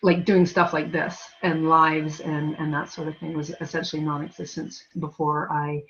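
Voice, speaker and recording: A woman with a fairly low voice talks as an interview guest over a dull, lo-fi recording. She rambles, piling up fillers and restarting her sentences as she goes. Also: little pitch movement, normal speed, fairly bright tone, a little hiss or hum. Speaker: guest, energy healer. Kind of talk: casual interview talk. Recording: dull lo-fi sound.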